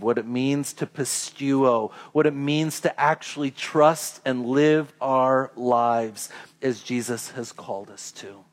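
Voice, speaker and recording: A man preaching a sermon as a pastor, telling a story with lively crowd voices before growing quiet and earnest. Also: mid-range voice.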